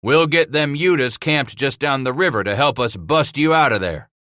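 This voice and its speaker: A man performs a menacing male frontier horse thief leader who taunts and threatens, his mood threatening. The voice is mid-range at a moderate pace with a fairly bright tone, pitched above his own yet close to an everyday voice. The recording is studio quality with no echo.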